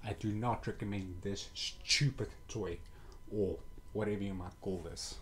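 A man's voice: on the low side, steady tone, a little slow, a little hiss or hum. A young man reviewing a toy kit in a casual vlog, muttering and sighing with exasperation as he paints.

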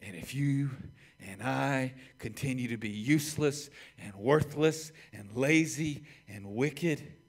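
A man's voice: mid-range voice, takes it slowly. A male pastor preaching a sermon emphatically, with building repetitions.

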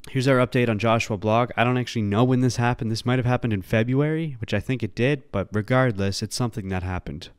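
A man's voice: mid-range voice, fast talker, hardly any pauses, smooth, no room sound, clean studio sound. A male podcast host rambling casually on his own, self-deprecating and swearing now and then.

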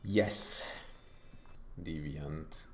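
A man's voice: rumbling low, drawn-out words, roomy sound, background noise. A man from Italy with an Italian accent, thinking aloud with frequent fillers as he comments on his strategy game playthrough. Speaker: gaming YouTuber.

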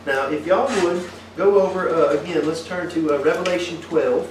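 Echoey preacher with a higher voice. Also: male voice, steady tone, moderate pace, background noise. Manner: asks the congregation many tag questions. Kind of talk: folksy sermon to a congregation. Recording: echoey room picked up from a distance.

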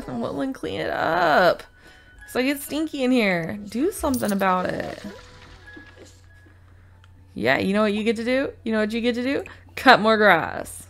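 Woman host talking through her gameplay, animated, slightly gravelly, over loud game music. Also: a little high, moderate pace, long pauses. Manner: chatty, scolding her game characters. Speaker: gaming video host. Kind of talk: casual gameplay commentary. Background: game music and baby cries.

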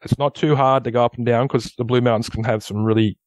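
An Australian man telling a story as a podcast guest, animated, acting out sounds and dialogue. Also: medium pitch, quick pace, no room sound, clean studio sound. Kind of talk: casual storytelling.

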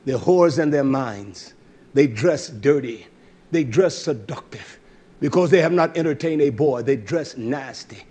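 A male preacher giving a fiery, blunt sermon, swinging from shouts to low asides. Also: animated, measured pace, breathy edge.

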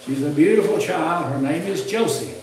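A man's voice: on the high side, animated, normal speed, darkish tone, slight background noise. An older man, teaching preachers in a folksy, rambling sermon style with restarts and chuckles. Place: church classroom. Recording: roomy, distant mic with faint ambience.

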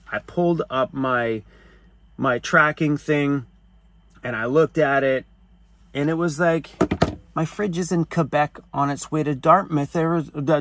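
A man's voice: fairly high pitch, a bit bright, no echo. A man living in a van, ranting in a casual vlog and acting out both sides of his phone calls. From Canada. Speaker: van life vlogger. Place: inside a camper van.

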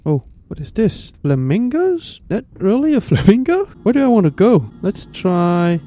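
Jumpy high-voiced man playing a horror game. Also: sing-song, normal speed, warm tone, dry recording. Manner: jittery, jumps to high-pitched pleading when scared. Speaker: gamer. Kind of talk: horror game playthrough commentary.

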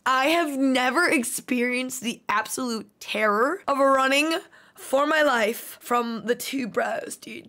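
High-voiced, animated young woman gamer. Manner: animated, jokey, shrieks and taunts enemies. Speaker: gaming streamer. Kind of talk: casual horror game commentary. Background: game music.

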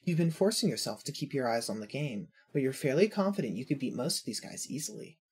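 Husky wry fanfiction narrator. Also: mid-range voice, sing-song, fast talker, darkish tone. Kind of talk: second-person fanfiction reading.

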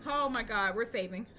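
A young woman with a slightly high, sharp voice streams a horror game, chatting casually with viewers. She swears, repeats herself, and laughs a lot, with game music behind her and slight background noise.

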